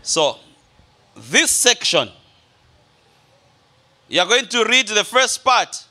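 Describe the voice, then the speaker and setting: Man, pastor, sermon, high voice, bright tone, emphatic repetition, slow delivery. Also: big pitch swings. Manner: emphatic preaching with repetition, addresses congregation as beloved. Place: church service before a congregation.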